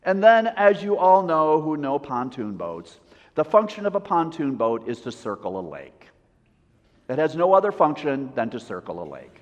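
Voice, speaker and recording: A man preaching a sermon as a pastor, telling a story with lively swings and soft, intimate drops. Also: a little high, normal speed. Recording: long reverb, dull lo-fi sound.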